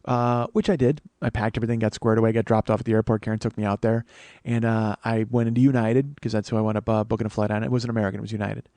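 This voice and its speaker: A man's voice: lowish voice, steady tone, quick pace, dark tone, dry recording. A man hosting a comedy podcast, telling a rambling, profane story with sarcastic asides. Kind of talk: casual storytelling monologue.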